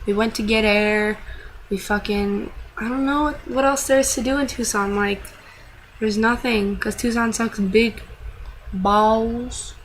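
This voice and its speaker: Young woman vlogger with a slightly high voice, venting in a loose, profane, rambling ramble-to-camera style. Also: fairly even intonation, normal speed, slight background noise, rough recording. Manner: rambling, profane, self-deprecating. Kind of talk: casual venting vlog.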